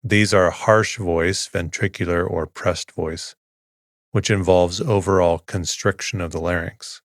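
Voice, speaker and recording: A man with a very low voice reads a dense text slowly and evenly, pacing it to help listeners drift off. The sound is dry and close, with no room around it. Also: steady tone, no echo. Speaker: sleep podcast host. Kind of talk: slow monotone sleep-story reading.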